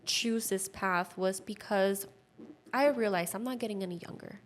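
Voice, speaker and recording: A woman's voice: mid-range voice, normal speed, a little hiss or hum. Earnest woman in her thirties, heartfelt. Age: 30s. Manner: earnest, heartfelt, full of "like" fillers, drops to a hush at tender moments. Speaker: podcast guest. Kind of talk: personal testimony in casual conversation.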